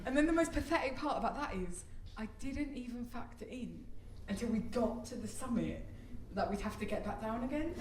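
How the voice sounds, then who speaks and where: A stand-up comedian with a slightly high voice chats and pokes fun at herself, now and then bursting into squealing impressions. The live theatre recording is roomy, with a distant mic and a loud, laughing audience.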